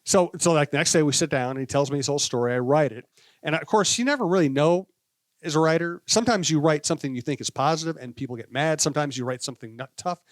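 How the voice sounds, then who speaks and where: A man with a Midwestern accent, a veteran sportscaster guest telling an anecdote in a brisk, relaxed way. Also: fairly high pitch, no echo. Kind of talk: casual storytelling chat.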